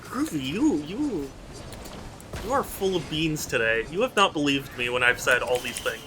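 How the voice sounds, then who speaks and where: A man's voice: mid-range voice, expressive, fairly quick. Man, game streamer, casual chat, playful bickering, exasperated, noisy mic.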